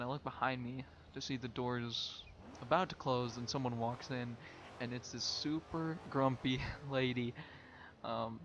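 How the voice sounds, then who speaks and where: A man's voice: mid-range voice, noisy background. A young man, a vlogger, telling a story in a casual way and laughing often as he talks.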